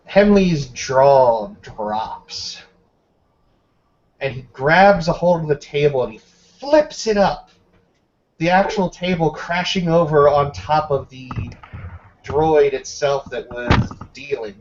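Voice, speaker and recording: A man running a tabletop game as game master, describing the scene in a measured way. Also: on the high side. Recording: dull lo-fi recording.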